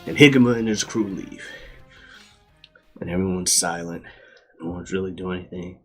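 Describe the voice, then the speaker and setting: A man's voice: low-pitched, moderate pace, soft background music. A man retelling a story in a casual, slangy, profane way as host of a recap show.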